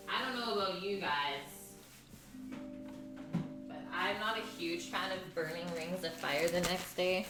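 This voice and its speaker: Low-voiced and unhurried, a young woman pauses often as she runs a casual cooking live stream from her home kitchen. Chatty, she reads out viewers' names and keeps talking while she eats; the kitchen echoes and faint music plays.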